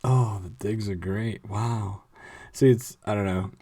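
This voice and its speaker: A man from the United States hosting a reaction video, musing in a halting, reflective way as he thinks aloud about the clip. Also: fairly low pitch, fairly even intonation, mellow, a little hiss or hum. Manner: halting and reflective, lots of fillers and restarts. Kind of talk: casual reaction commentary.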